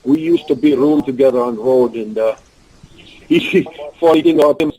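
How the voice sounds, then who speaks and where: This phone interview guest has a mid-range voice and normal pace, with a Russian accent and broken English. He rambles through anecdotes, putting on animated voices for quotes, over a low-quality recording with slight background noise.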